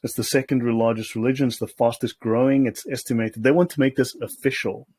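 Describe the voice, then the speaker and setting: A male host with a husky, slightly breathy, darkish mid-range voice speaks a little fast while giving casual, sardonic commentary on documents he reads aloud. He constantly checks in with "okay?". The recording is dry and close, with no room around it.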